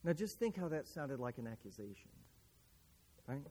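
A man's voice: medium pitch, very animated, moderate pace, a little mellow, husky, long reverb tail. A man preaching a sermon, retelling a scripture story earnestly and pressing his listeners with rhetorical questions.

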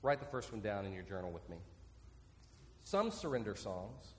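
A man preaching a sermon as pastor, earnest and repeating his key points slowly so listeners can write them down. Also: fairly low pitch, sing-song, a little hiss or hum. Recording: long reverb from a large hall.

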